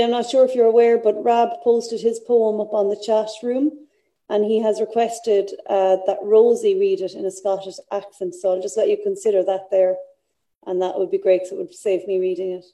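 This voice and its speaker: Dark-toned woman hosting. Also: medium pitch, fairly even intonation, moderate pace. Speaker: open mic host. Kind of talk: hosting an online event. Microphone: video call.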